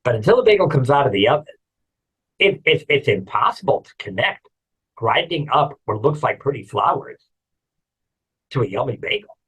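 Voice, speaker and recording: A man, a rabbi, giving a lively Torah lecture with jokey asides and repeated refrains. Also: mid-range voice, normal speed, long pauses, husky, poor audio. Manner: animated storytelling, jokey asides and repetition.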